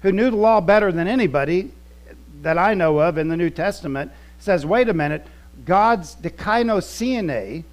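A man's voice: high voice, expressive, moderate pace. A male pastor delivering a conversational teaching sermon, repeating words for emphasis.

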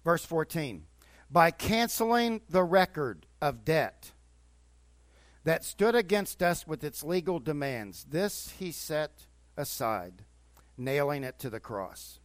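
High-voiced older pastor preaching. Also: male voice, big pitch swings, slow pace, no echo. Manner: conversational preaching, rising to fervent exhortation. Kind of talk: sermon. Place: church.

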